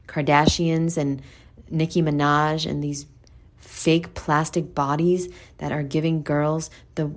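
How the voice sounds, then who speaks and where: Blunt, profane woman with a low voice. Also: a little mellow. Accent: New York. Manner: blunt and profane, addresses listeners as boo. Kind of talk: candid monologue.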